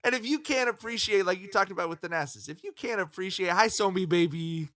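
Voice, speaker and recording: A man's voice: high voice, expressive, quick pace, sharp tone, no echo, studio quality. A man in his thirties co-hosting a sports podcast, talking casually and emphatically with plenty of swearing. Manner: profane, emphatic, storytelling. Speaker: podcast co-host.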